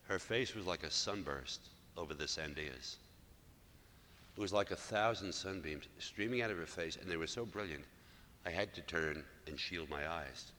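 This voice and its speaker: A man in his sixties, a Catholic priest, telling a story in a sermon, moving between loud emphatic passages and hushed near-whispers. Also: low-pitched. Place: church hall. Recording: live church talk with long reverb and faint noise.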